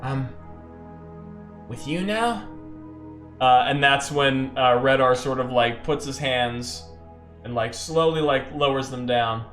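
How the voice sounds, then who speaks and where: A man's voice: medium pitch, steady tone, unhurried, fairly bright tone, echoey room, faint music behind. A man narrating his own solo tabletop game in a loose, rambling way, full of fillers.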